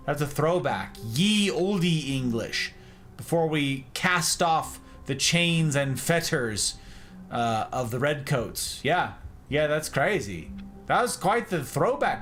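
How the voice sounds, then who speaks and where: A man's voice: a little high, fairly bright tone. A man streaming a game, chatting casually and teasing his viewers with playful, repetitive banter. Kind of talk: casual live-stream commentary reading chat.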